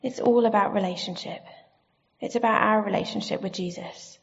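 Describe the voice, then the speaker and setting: A woman giving a sermon in a church, gentle and reflective, asking her listeners questions. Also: medium pitch, fairly even intonation, moderate pace, gravelly. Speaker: preacher. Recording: slightly dull lo-fi sound.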